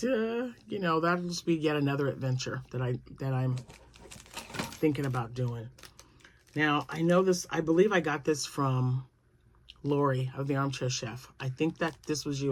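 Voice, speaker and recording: A woman's voice: a bass voice, normal speed. A middle-aged woman chatting casually to her viewers in a crochet vlog, rambling from topic to topic with asides and little laughs. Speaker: crochet vlogger. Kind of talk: casual chat to camera.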